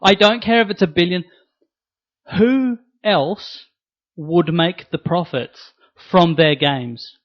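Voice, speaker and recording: A man's voice: high voice, takes it slowly. A man co-hosting a casual podcast chat, blunt and sarcastic, swearing freely, recorded as slightly dull lo-fi audio. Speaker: podcast co-host.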